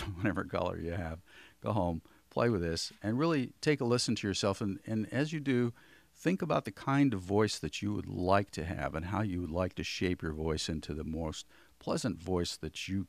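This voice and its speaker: A man with a low, gravelly voice leads a voice workshop. He talks in a relaxed way and shows where the voice can sit as he teaches. The sound is dry and close. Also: dry recording. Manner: relaxed, demonstrates voice placement while teaching. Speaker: voice coach. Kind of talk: workshop lesson.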